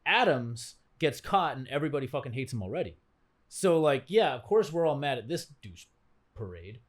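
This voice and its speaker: A man's voice: medium pitch, big pitch swings, normal speed. A man with a New York accent, co-hosting a podcast in blunt, profane, wry casual chat. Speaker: podcast co-host.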